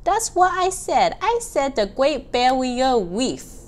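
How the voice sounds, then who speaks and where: A woman's voice: high-pitched, expressive, very slow, clean tone, exaggerated voice. A woman voicing a silly, eager little baby puppet that mispronounces words in a children's puppet show. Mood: insistent.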